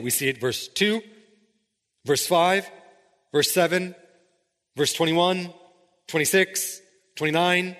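A man's voice: fairly high pitch, bright, forceful tone, big-room sound. A male pastor preaching a sermon, emphatic, often checking in with "right?". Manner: emphatic, keeps asking "right?".

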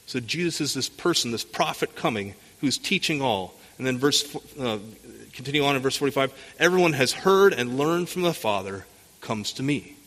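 A man delivers a verse-by-verse sermon in a bright, forward voice. He poses rhetorical questions and often repeats words as he restarts. His voice carries a long reverb, as if recorded in a large sanctuary. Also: medium pitch, lively intonation, moderate pace. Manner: expository preaching with rhetorical questions. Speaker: pastor.

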